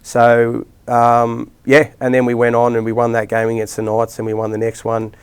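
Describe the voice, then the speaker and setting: A clean, mid-range male voice with completely flat delivery at normal speed. The speaker is a middle-aged Australian rugby league coach telling meandering stories in a casual interview, with frequent restarts and fillers.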